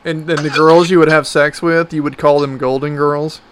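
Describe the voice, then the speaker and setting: A man's voice: on the high side, flat delivery, normal speed, crowd noise. A man in crude, casual podcast banter who laughs often and rambles with restarts.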